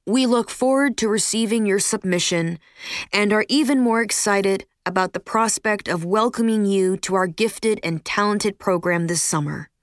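A woman narrates a story in an even, measured voice, pitched in a middle range. The recording is close and dry, with no room sound. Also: no echo. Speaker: audiobook narrator. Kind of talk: scripted narration.

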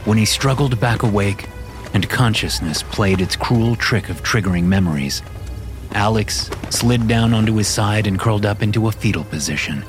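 A man narrating a horror story in a steady, measured scripted reading, with music playing behind him. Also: fairly low pitch.

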